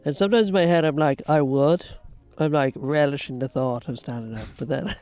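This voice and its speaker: A man's voice: fairly high pitch, expressive, fast talker, darkish tone, dry recording. A man co-hosting a podcast, talking in a conversational, self-questioning way with plenty of "like". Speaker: podcast co-host. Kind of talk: casual chat.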